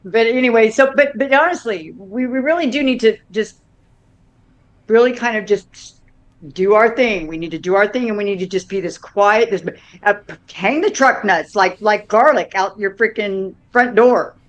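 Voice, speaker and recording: A woman's voice: medium pitch, normal speed, lo-fi sound. A woman co-hosting a casual podcast chat, rambling, restarting her sentences and making crude jokes. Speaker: podcast co-host.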